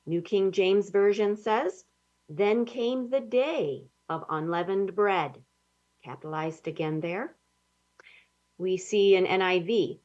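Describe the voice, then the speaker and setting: Slow, deliberate woman reading scripture. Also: lowish voice, darkish tone. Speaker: Bible study teacher. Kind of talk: scripted teaching narration. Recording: slightly dull lo-fi audio.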